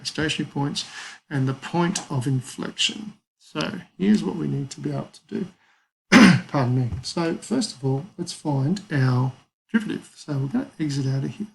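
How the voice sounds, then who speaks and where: A man's voice: fairly high pitch, gravelly, low-quality recording. A man teaching a maths lesson, talking casually through calculator steps and thinking aloud. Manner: casual, thinks aloud with fillers and small apologies.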